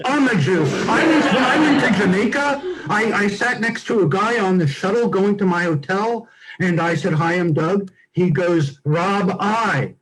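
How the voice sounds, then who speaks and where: High-voiced man telling comic stories. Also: moderate pace, few pauses, low-quality recording. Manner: chatty, self-deprecating storytelling. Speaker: stand-up comic. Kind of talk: stand-up comedy set over a video call. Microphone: video call mic. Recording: video call with loud laughter behind.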